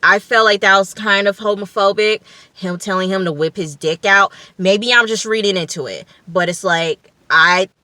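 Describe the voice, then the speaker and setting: A woman's voice: medium pitch, moderate pace, sharp tone, no room sound. A woman recapping a reality TV episode in a casual vlog, blunt, profane and opinionated, with plenty of fillers. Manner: chatty with frequent fillers. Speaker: TV reality show reviewer.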